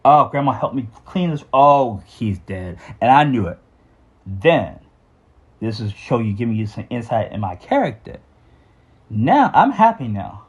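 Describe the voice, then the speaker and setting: A middle-aged man telling a personal story off the cuff, halting and earnest, with sighs and restarts. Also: medium pitch, a little mellow, slightly rough, lo-fi sound. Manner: halting, with frequent fillers and restarts; earnest and sighing. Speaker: memoir storyteller.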